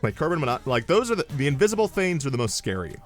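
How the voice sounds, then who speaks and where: A young man tells stories on a livestream, animated and profane, wandering into side tangents. His pitch sits in a middling range, with faint music behind him. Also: very fast. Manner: animated, profane, rambling asides. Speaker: streamer. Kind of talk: casual storytelling on a livestream.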